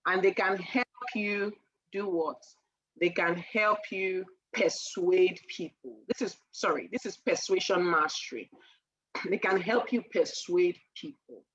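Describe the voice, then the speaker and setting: A woman teaching persuasion on a casual live stream, animated and laughing often as she acts out sales lines. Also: mid-range voice, slightly rough, lo-fi sound.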